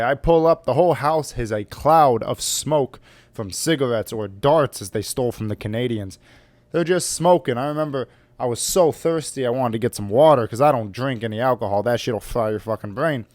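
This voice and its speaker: A man's voice: mid-range voice, a little mellow, no echo. A man in his twenties telling a personal story to camera in a blunt, joking, profane way. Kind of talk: casual storytime monologue.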